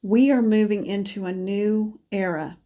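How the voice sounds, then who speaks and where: A woman psychic card reader delivering a gentle, meandering spiritual message monologue, congested from allergies, with many pauses and restarts. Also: medium pitch, steady tone.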